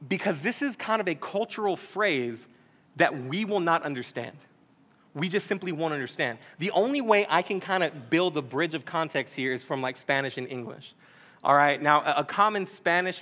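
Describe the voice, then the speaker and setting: A male pastor delivers a sermon in an easygoing, joking manner, dropping slang into his teaching. His voice sits high for a man and rings bright and forward, carrying through a church hall. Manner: casual, joking preacher talk with slang.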